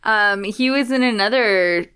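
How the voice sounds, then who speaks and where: A woman's voice: mid-range voice, unhurried, fairly bright tone, smooth. Easygoing woman co-host. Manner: easygoing, agreeable, often laughing along. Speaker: podcast co-host. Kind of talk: casual movie review chat.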